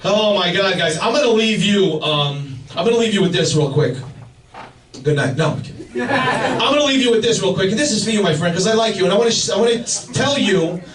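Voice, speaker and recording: A man doing a profane, excitable stand-up comedy set on a club stage, with audience laughter behind him. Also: high voice, fairly quick. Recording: roomy live club sound from a distance.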